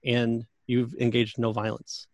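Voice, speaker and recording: A man talks through his views about church and society. He has a dry, close sound at a middle pitch and a halting, thoughtful delivery. He often stops and restarts while he works out his point. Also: monotone, darkish tone, no room sound. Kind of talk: casual conversation.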